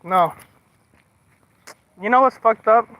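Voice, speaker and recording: High-voiced man ranting on a livestream. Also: slow, sharp tone, no room sound. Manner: profane, ranting and then apologetic. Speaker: streamer. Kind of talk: casual livestream chat. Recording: slightly muffled stream audio.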